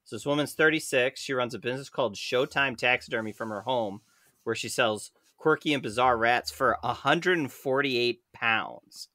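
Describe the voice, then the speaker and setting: Bright, dry-sounding man chatting. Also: mid-range voice, normal speed, no echo. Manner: chatty, reads news headlines aloud. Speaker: podcast co-host. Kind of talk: casual chat.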